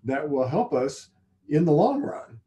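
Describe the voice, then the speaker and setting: A man co-hosting a casual faith discussion, thoughtful and halting, often restarting his sentences. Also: fairly high pitch, very animated, mellow. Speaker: co-host.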